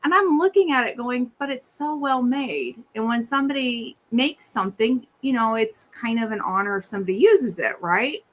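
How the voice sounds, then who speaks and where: A middle-aged woman co-hosts a casual podcast chat in a slightly high voice, at normal speed with hardly any pauses. She tells funny stories animatedly, acting out the voices of the people in them.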